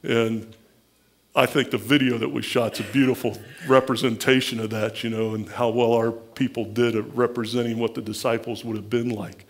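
Gravelly Midwestern pastor preaching. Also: male voice, mid-range voice, flat delivery, normal speed. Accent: Midwestern American. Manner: conversational, acts out quoted voices. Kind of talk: sermon.

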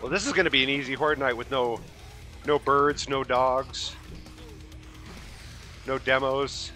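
A man hosting a relaxed gaming session, chatting casually with his co-player. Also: mid-range voice, measured pace. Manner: relaxed, talkative. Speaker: host. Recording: light background metal music.

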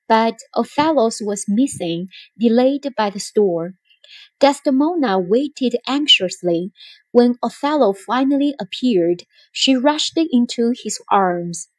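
A woman narrating a children's storybook in a slow, clear reading style. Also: on the high side, lively intonation, no room sound.

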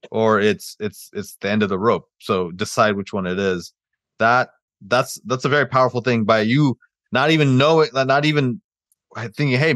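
A man's voice: medium pitch, fairly bright tone, dry recording, clean studio sound. A man hosting a podcast, thinking aloud with restarts and stammers. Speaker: podcast host. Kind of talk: casual interview chat.

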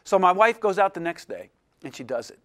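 High-voiced man telling a lecture story. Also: brisk. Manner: animated, self-deprecating, acts out quoted voices. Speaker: illustration professor giving a lecture. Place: lecture room with an audience.

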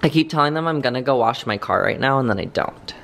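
Fast and a bit bright, a young man's mid-range voice carries lively intonation as he chats rambling to camera, filler words everywhere. The vlog is shot at home and in a car in Los Angeles, with clear ambient noise.

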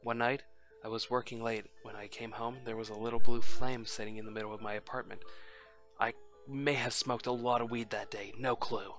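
A man's voice: mid-range voice, fairly even intonation, a little fast, a bit bright, faint music behind, lightly acted. A man reading the part of a shy, lovesick young man in a story game, in his own plain voice. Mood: confessing.

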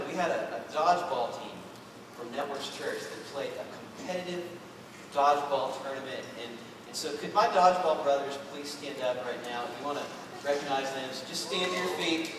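A bright, high-voiced man preaches a sermon, sometimes dropping low and soft, then shouting out acted voices. He sounds distant, in a big echoing church hall with long reverb and a faint hum of the room behind him. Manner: animated, acts out voices, swings from soft to loud. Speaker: pastor. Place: church sanctuary. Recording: echoey church hall from far off.

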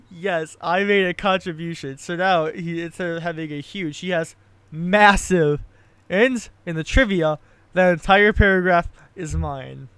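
A young man gives casual comedic commentary and reads his own writing aloud. He giggles at himself often, his voice smooth, clear, and a little high. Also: fairly bright tone, dry recording. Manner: giggly, self-amused, restarts.

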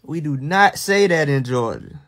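A young man, talking casually and teasingly to viewers on a livestream. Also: a little high. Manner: teasing, animated, drawn-out bursts of mock alarm. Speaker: livestream host.

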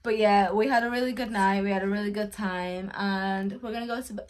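A woman's voice: medium pitch, steady tone, brisk. Woman, tipsy, hiccuping, casual vlog chat, rambling, repetitive. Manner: rambling, repeats herself. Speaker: vlogger.

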